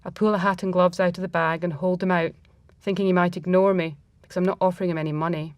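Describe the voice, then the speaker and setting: A woman reads a first-person story aloud in a reflective, measured way. Her voice sits fairly low, and the recording is dry and close, with no room sound. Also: fairly even intonation, no room sound.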